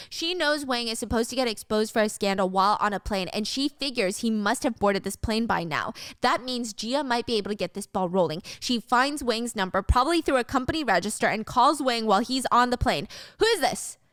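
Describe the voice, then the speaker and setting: Woman retelling a drama, lively slangy storytelling, higher voice, dry sound. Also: fairly quick, hardly any pauses, no room sound. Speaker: recap host. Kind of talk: casual drama recap narration.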